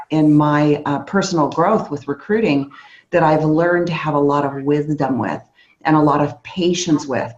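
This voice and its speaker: A woman with a lowish voice gives a sales training talk to a crowd, telling a story and acting out the people in it. The recording sounds dull and lo-fi. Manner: storytelling, acts out lively quoted dialogue. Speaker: training speaker.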